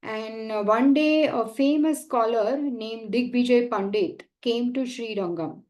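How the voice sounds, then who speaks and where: A woman retelling a sacred story in a devotional class, with many pauses and fillers. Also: a little high, a little mellow, rough recording. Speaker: devotional speaker.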